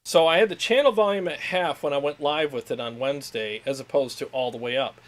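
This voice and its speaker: An enthusiastic man chatting casually on a livestream, pitched a little higher than most men. He rambles and restarts his sentences as he talks about his gear. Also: brisk. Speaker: show host.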